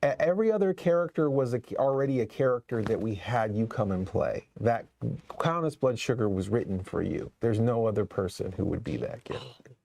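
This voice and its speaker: A man's voice: medium pitch, lively intonation, a little fast, creaky, mellow, a little hiss or hum. A man hosting a horror movie show, chatting casually on a live stream and rambling with many restarts. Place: studio set.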